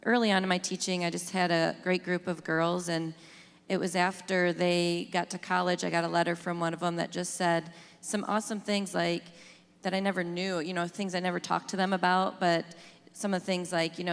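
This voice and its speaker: A woman teacher with a low, gravelly voice talks candidly on a church panel. She chats casually and quotes her own thoughts, and her words echo with a long reverb in the church sanctuary. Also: little pitch movement, fairly quick. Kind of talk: panel sharing at church event. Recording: hall reverb.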